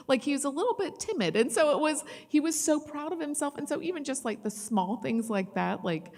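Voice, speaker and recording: A woman's voice: a little high, expressive, fairly quick, few pauses. A woman, a parent, chatting proudly about her son with frequent restarts. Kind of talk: personal testimony. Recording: reverberant room.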